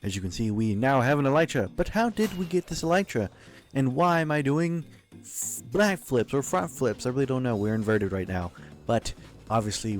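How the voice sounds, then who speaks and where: Gaming channel host, male, loose self-correcting commentary, lively voice, music bed under him. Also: mid-range voice. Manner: rambling, self-correcting, jokey. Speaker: gaming YouTuber. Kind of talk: casual gameplay commentary. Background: faint background music.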